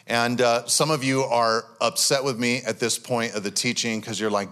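A man pastor giving a sermon in a church, talking in a loose, conversational way with lots of fillers and animated bursts. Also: mid-range voice, normal speed, few pauses.

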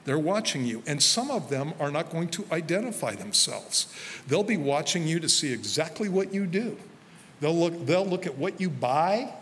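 A man preaching a sermon as pastor, telling personal stories in a relaxed conversational way. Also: a little high, normal speed. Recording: faint hall reverb with light noise.

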